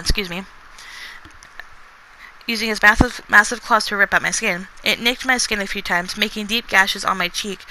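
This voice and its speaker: Woman reading her own story out loud, super bright sharp voice, trips over words and starts again a lot. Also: medium pitch, slight background noise, low-quality recording. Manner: stumbling reading with frequent restarts and self-corrections; breaks off to comment on her own writing. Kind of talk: casual read-aloud of a story chapter.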